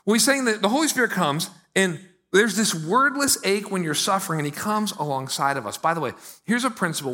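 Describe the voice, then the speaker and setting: Bright-voiced conversational male pastor. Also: high-pitched, a little fast, few pauses. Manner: conversational preaching, animated swings in loudness. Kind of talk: sermon.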